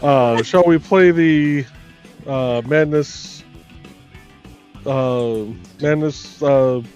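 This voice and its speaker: A man co-hosting a livestream in casual chat, talking hesitantly with many pauses. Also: medium pitch, a little mellow, soft background music. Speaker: livestream co-host. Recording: dull lo-fi stream audio.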